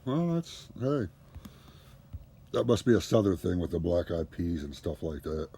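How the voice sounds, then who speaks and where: A man's voice: deep voice, very animated, unhurried, warm tone, slightly rough. A man from Ohio hosting his live stream and joking and teasing his guests in casual chat. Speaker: streamer, truck driver.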